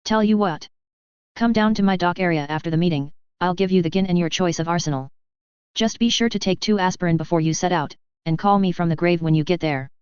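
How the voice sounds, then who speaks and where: A man's voice: high-pitched, brisk, clear, resonant tone, dry recording, lightly acted. A narrator voicing a brash, sardonic male mercenary commander in a spoken fan story, with a dull, lo-fi sound. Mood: cocky. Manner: cocky and sardonic. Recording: dull lo-fi dry audio.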